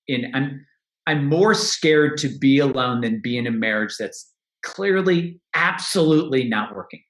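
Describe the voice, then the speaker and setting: Man, podcast guest, candid and reflective, mid-pitched voice, roomy echo. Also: measured pace, a bit bright. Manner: candid, reflective, with frequent restarts and laughs. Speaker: podcast guest, money coach. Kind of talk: casual interview talk.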